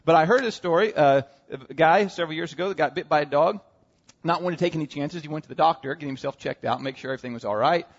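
An American man preaching in a church, telling humorous stories and turning often to the congregation with asides. His voice sits somewhat high for a man. The sound is dull and muffled, with a long hall reverb trailing each phrase. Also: fast. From United States. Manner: storytelling with humor, frequent asides to the audience. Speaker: pastor. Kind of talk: sermon.

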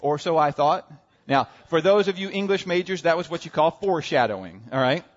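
A man's voice: fairly high pitch, animated, a little fast. An American man preaching a sermon as a pastor, telling humorous stories with frequent asides to his congregation. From United States. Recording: dull, muffled sound with long hall reverb.

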